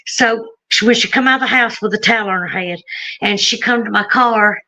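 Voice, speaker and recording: A woman's voice: medium pitch, a little fast, bright, forceful tone, low-quality recording. A woman from Alabama with a Southern accent, telling her story in a chatty, rambling way with frequent laughs. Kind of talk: casual storytelling on a live stream.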